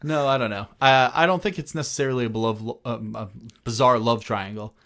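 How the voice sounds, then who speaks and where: A man's voice: medium pitch, fairly quick, a bit bright. Dry, sarcastic male podcast co-host. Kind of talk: casual chat reviewing a film.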